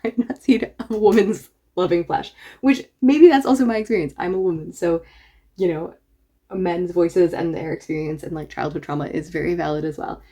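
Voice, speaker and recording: Chatty, excited woman book reviewer. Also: fairly low pitch, moderate pace. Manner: enthusiastic, chatty. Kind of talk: casual reaction vlog.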